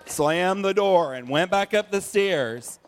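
A man's voice: high voice, slow pace. A man leading a church service, telling a picture-book story and asking the audience questions. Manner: animated, asks the audience questions. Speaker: pastor.

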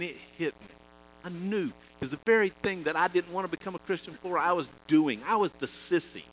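A man preaching a sermon, telling folksy personal stories, swinging between loud emphasis and quiet asides. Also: fairly high pitch, slight background noise, low-quality recording. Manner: chatty, folksy, repeats and restarts phrases.

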